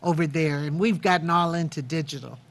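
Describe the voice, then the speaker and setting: A woman's voice: low-pitched, brisk. An older woman hosting a chatty TV interview, effusive and repeating words for emphasis. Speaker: talk show host.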